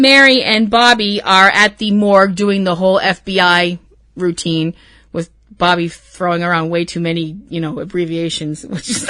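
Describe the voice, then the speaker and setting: A woman's voice: medium pitch, a bit bright, no room sound. A woman hosting a podcast, recapping an episode in a rambling, emotional way with plenty of swearing. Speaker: podcast host.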